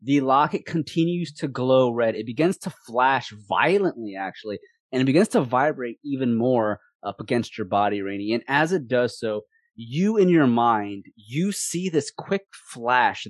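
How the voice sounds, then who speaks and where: A man running a tabletop game as game master, narrating scenes in an animated way and often repeating words. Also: medium pitch, no room sound.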